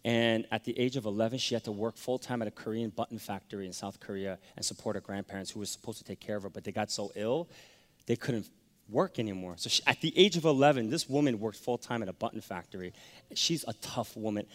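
A man preaching a sermon, telling a personal story that swings from hushed to loud. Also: fairly low pitch, fast talker. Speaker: pastor. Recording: long hall reverb.

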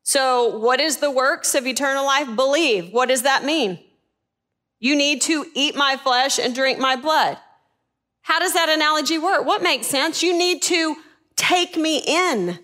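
A woman teaching a Bible lesson in a sermon style, animated and asking her listeners questions. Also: high voice, a little slow.

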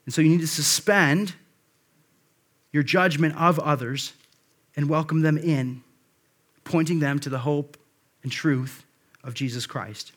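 A man's voice: on the high side, steady tone, normal speed, pauses often, a bit bright. A male pastor delivering a conversational sermon, with frequent asides and restarts.

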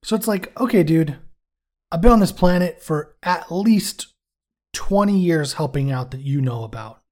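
A man's voice: fairly high pitch, expressive, normal speed, a little mellow. Rambling, foul-mouthed male podcast co-host. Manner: swears freely, jokey and rambling. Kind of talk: casual chat, reviewing a TV episode.

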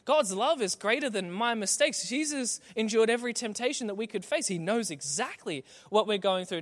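Man, pastor, sermon, high-pitched, conversational, rhetorical refrains. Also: lively intonation, moderate pace, hardly any pauses.

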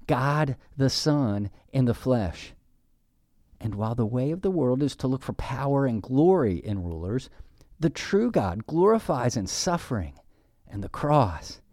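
A male pastor delivers a sermon with a mellow, warm tone and a lively, rising and falling delivery. He slows down and leans hard on key phrases. The sound is dry and close. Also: medium pitch, no echo. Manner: measured, emphatic preaching with slow stressed phrases.

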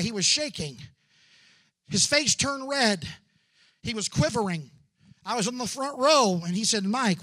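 A man in his forties preaching a dramatic testimony, moving between hushed storytelling and loud fervor with drawn-out "uh" fillers. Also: extremely high pitch. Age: 40s. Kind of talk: sermon testimony.

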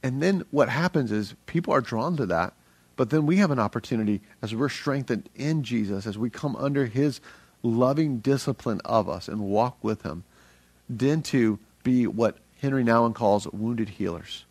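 A middle-aged man preaching a sermon as a pastor, energetic and earnest, speaking conversationally with frequent restarts. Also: medium pitch, normal speed, husky, no room sound.

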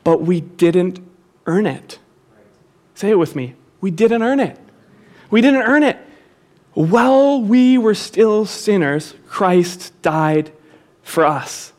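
A man's voice: high-pitched, expressive, takes it slowly, a little mellow. A pastor preaching a sermon to his congregation, repeating key phrases for emphasis and calling the listeners to say them back with him.

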